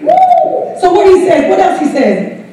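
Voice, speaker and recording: High-voiced Southern US woman preacher, animated and laughing, roomy far-off church recording. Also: moderate pace, very noisy. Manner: exclaims "come on" often, laughs while preaching. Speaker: pastor leading Bible study. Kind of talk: lively sermon-style teaching. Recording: echoey church hall mic from afar.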